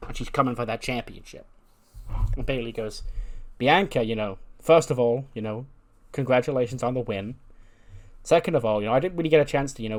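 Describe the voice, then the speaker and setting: A man casually narrating a wrestling game, retelling each character's promo in quick, filler-heavy speech. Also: mid-range voice. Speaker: let's-play narrator.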